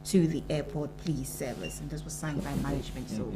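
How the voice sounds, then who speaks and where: A woman, co-hosting a live morning show and briskly reading out a press statement. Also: deep voice, warm tone, a little hiss or hum, low-quality recording. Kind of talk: news review on live TV. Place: TV studio.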